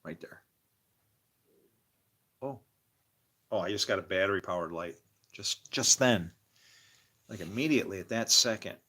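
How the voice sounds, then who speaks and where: An older man hosting a casual livestream, rambling, emotional and laughing often, swinging between loud and quiet. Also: on the low side, measured pace, long pauses, slightly rough. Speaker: livestream host.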